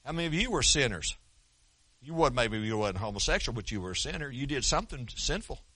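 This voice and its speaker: A man preaching a sermon in a folksy, conversational way with an Oklahoma accent, talking quickly with frequent restarts. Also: medium pitch, animated, sharp tone, slightly rough, no room sound. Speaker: pastor.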